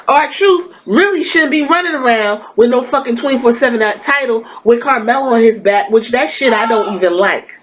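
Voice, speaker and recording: A woman with a slightly high voice rants through her podcast commentary. She is blunt, exasperated and freely profane. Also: lively intonation, moderate pace, low-quality recording. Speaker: podcast host. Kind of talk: ranting wrestling commentary.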